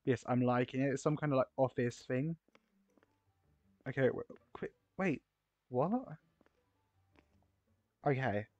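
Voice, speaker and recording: A man giving casual, excitable gameplay commentary, gushing over builds with gasps and exclamations. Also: mid-range voice, unhurried, long pauses, no room sound. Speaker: game video creator touring player builds. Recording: slightly dull, lo-fi recording.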